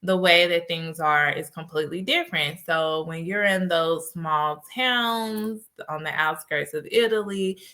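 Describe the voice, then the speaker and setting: Casting: woman host, lowish pitch but bright tone, chatty storyteller. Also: a little slow, few pauses. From United States. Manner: animated storytelling with laughs. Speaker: podcast host and life coach. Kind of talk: casual solo podcast talk.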